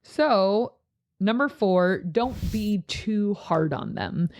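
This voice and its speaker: A woman youth pastor chatting casually, telling lively stories and jumping into high voices when she quotes people. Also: takes it slowly. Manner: animated storyteller, jumps into high voices when quoting others. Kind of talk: casual podcast chat.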